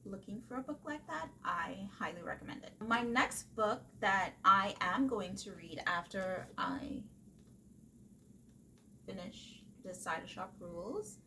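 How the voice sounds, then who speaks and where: Woman book vlogger, mid pitch, easygoing slow delivery, lots of fillers; faint hiss behind. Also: creaky. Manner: chatty, animated retelling with frequent fillers and laughs. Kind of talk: casual book review chat.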